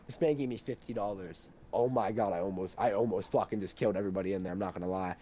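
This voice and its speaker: A young man telling a heated story in casual chat, animated and swearing a lot. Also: on the low side, fast talker, dull audio, slight background noise.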